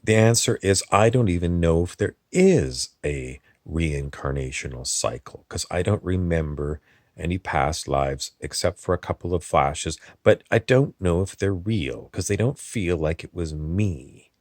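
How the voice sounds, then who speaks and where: A man with a very low voice talks in a rambling comic monologue. He meanders, halts and wanders off topic. The recording is close and dry, with no room sound. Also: expressive, darkish tone, dry recording. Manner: meandering, halting, drifts off topic. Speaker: comedy channel host in character.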